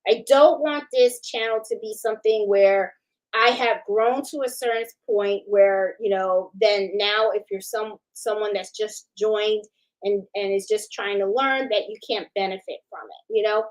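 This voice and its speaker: A woman's voice: mid-range voice, steady tone, unhurried, low-quality recording. A middle-aged woman from New York City hosting a casual live chat, talking in a loose, chatty way full of fillers and restarts and greeting viewers one by one. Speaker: livestream host.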